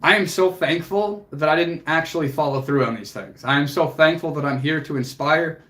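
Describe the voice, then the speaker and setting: Earnest motivational man, slightly high voice. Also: moderate pace, a bit bright. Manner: earnest, motivational, swears casually, gets emotional. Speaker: fitness coach and livestream host. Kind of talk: emotional livestream talk with viewers.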